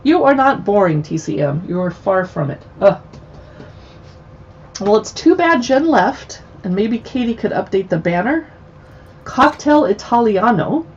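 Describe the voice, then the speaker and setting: A woman's voice: medium pitch, animated, a little slow, highs cut off, slight background noise. A woman hosting a casual livestream chat, chatty and playful with joking asides. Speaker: livestream host.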